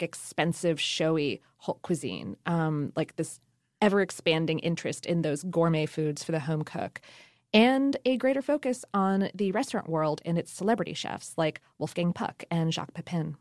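A woman's voice: fairly low pitch, animated, normal speed, a little mellow, no echo. Chatty woman co-host, dry studio. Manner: chatty, laughing, many fillers. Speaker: podcast co-host. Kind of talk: casual conversational history chat.

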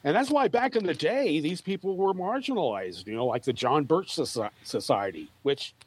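A man's voice: fairly high pitch, animated, normal speed, breathy edge. A man in a casual political chat, telling opinionated stories with emphasis.

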